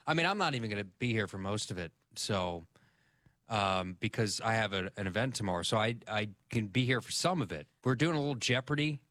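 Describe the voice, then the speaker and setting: A man's voice: fairly low pitch, expressive, fairly quick, fairly bright tone, dry recording, clean studio sound. A man co-hosting a sports radio show in casual chat, joking and bantering.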